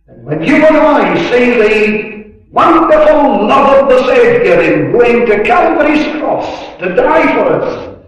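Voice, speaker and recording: A man giving a sermon at a gospel meeting, earnest and unhurried, swelling on key words and dropping in chatty asides. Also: very high voice, big pitch swings. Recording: echoey room, distant mic, dull lo-fi.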